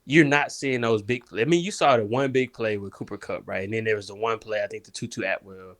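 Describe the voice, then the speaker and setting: A man's voice: lowish voice, brisk, fairly bright tone. Laid-back man in casual sports chat. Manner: laid-back, slangy, restarts a lot. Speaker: podcast co-host.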